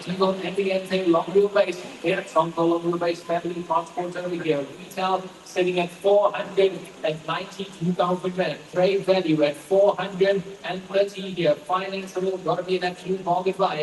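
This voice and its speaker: Male auctioneer, high voice, rapid bid chant, echoey hall from far off. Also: slight background noise. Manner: rapid repetitive bid calling.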